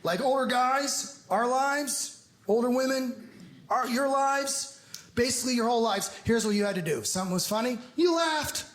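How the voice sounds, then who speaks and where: A middle-aged man doing a stand-up comedy set in a club, teasing the crowd and slipping into mocking, drawn-out impressions. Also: very high-pitched, fairly bright tone. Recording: noisy club room audio.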